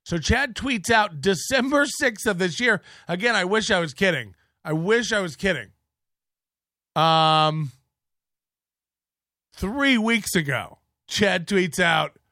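A man's voice: sits high, animated, slow, long pauses, sharp tone, no room sound, clean studio sound. A middle-aged man hosting an online show, ranting in sarcastic, profane commentary and muttering while he scrolls through posts.

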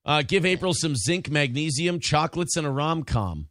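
A man's voice: on the high side, animated, moderate pace, a bit bright, dry recording, studio quality. A man in a played stream clip, chatting casually and quoting movie lines. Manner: chatty, quotes movie lines and does impressions. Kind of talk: casual chat.

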